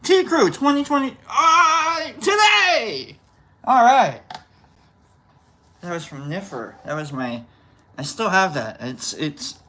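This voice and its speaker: Guy doing his morning livestream, bright voice, greets chat by name, rambly and loose. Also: high voice. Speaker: livestream host.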